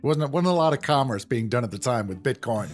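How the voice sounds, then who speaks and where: A man's voice: mid-range voice, animated, fairly quick, faint music behind. A man hosting a podcast, explaining things in a chatty, self-deprecating way. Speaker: podcast host. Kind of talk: conversational podcast banter.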